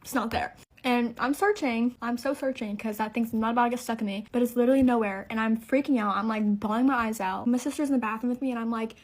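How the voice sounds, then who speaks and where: A woman's voice: a little high, fairly even intonation, quick pace. A young woman telling a dramatic storytime in a chatty get-ready-with-me vlog, full of "like" fillers. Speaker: beauty vlogger.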